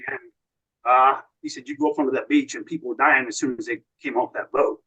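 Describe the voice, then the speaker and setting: A man's voice: medium pitch, steady tone, brisk, pushed and bright, slightly rough, lo-fi sound. An American man, a podcast guest, telling long family and wartime stories in a casual way, often quoting what others said. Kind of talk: casual storytelling.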